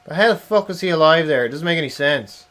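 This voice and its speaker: A young man talks through his game stream in a slightly high voice. He chats casually with his viewers, swears freely and yells at the screen when a fight goes wrong. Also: lively intonation, quick pace. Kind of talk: casual live-stream commentary.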